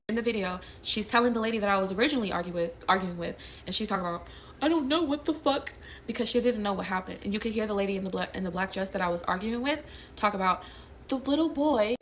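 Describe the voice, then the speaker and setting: A young woman tells a personal story straight to camera in an animated, blunt way, with plenty of swearing. Her voice sits at a middle pitch, and a faint hiss runs underneath. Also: fast talker. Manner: animated, blunt, swears freely, acts out quotes. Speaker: storyteller recounting a personal incident. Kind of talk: casual storytime monologue.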